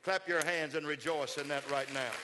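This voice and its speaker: A man preaching a sermon as pastor, building to shouted call-and-response and leading the congregation to repeat after him. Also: fairly high pitch, steady tone, normal speed, in a large hall, crowd noise, background noise.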